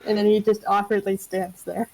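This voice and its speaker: A woman playing a tabletop role-playing game in a casual, giggly, unhurried way. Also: medium pitch, flat delivery, gravelly, faint music behind, low-quality recording. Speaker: player.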